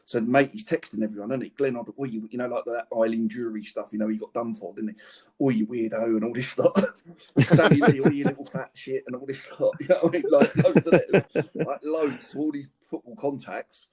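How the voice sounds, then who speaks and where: This former footballer has a mid-range voice and a brisk delivery, with crowd noise behind him. Chatting casually on a podcast, he shares slangy, animated anecdotes and keeps laughing as he tells them.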